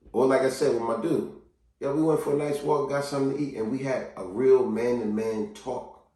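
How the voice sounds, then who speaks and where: A man vlogging to camera gives an informal motivational talk a little fast, playing out upbeat greetings in a raised voice and mournful admissions in a low murmur. The very echoey room and his distance from the microphone leave him sounding off mic.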